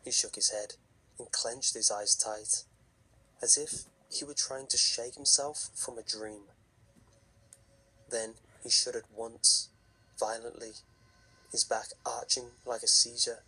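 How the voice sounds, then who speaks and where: A man reading a horror story aloud in a slow, measured, hushed narration with a husky voice. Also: medium pitch, flat delivery, poor audio.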